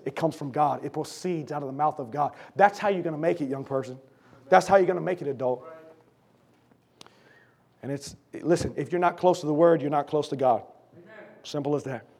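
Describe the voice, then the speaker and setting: A fervent middle-aged man preaching a sermon, his voice riding high. His throat is sore, and he swings from shouted declarations to low, intense asides aimed at the congregation. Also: breathy edge.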